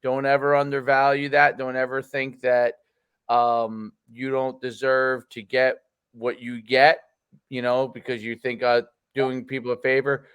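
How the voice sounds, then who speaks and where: A man's voice: medium pitch, level tone, unhurried, a bit bright, smooth, dry recording. A man hosting a podcast interview as a coach, encouraging and emphatic and prone to repeating himself. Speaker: host and coach.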